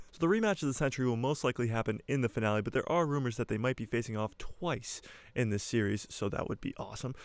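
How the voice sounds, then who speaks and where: A young man hosting his own channel, giving casual, jokey fan commentary in an excitable way. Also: mid-range voice, clear, resonant tone, dry recording. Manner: excitable, jokey, speeds up and slows down. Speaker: YouTuber host.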